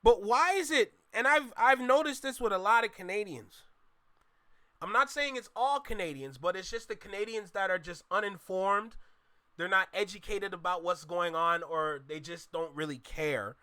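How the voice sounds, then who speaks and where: A young man reacting on a live stream in casual, slangy talk, excitable, jumping from loud outbursts to low muttering. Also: moderate pace.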